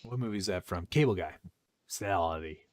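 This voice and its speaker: Low-voiced joking man, dry mic. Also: expressive, normal speed, dry recording. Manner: joking, teasing, reads viewer comments aloud. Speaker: live stream co-host. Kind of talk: casual chat.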